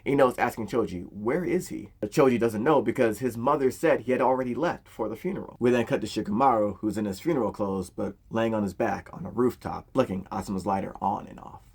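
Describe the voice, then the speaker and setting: Man, casual story recap, slangy, low-pitched, husky. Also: fast talker, hardly any pauses, a little mellow. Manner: slangy, conversational, profane. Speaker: anime recap narrator.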